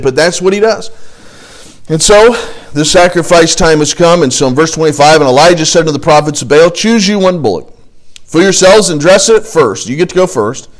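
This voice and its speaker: A man teaching a casual Bible study, reading scripture aloud and adding jokey, conversational asides. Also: on the high side.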